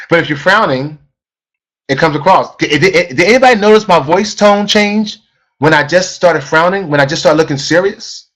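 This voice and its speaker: A middle-aged man giving an energetic sales training talk, emphatic and repetitive, often asking the audience questions. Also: on the high side. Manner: emphatic, repeats himself, asks the audience questions. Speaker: network marketing trainer.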